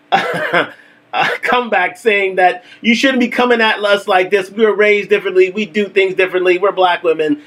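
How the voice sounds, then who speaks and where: High-voiced man hosting a live stream. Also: moderate pace. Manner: animated, repetitive, laughs often. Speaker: host of a live talk stream. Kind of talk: casual live-stream talk.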